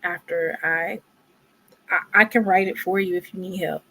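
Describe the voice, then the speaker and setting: A woman's voice: lowish voice, fairly even intonation, moderate pace, pushed and bright. A woman giving casual commentary, exasperated and dramatic, dropping into whispered asides. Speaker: commentary vlogger.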